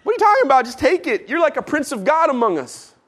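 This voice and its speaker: A man's voice: very high voice, sing-song, fast, a bit bright, pitched above the performer's own voice, exaggerated voice. A man voicing an eager, generous Hittite landowner who insists on giving land away, in a comic sermon retelling. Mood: insistent. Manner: insistent, gushing, casual modern phrasing.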